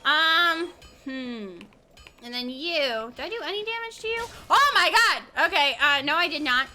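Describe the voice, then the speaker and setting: Bright, high-pitched chatty woman gamer. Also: lively intonation, moderate pace, faint music behind. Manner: rambling, giggly, talks to chat while playing. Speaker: streamer. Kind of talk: casual gaming stream chat.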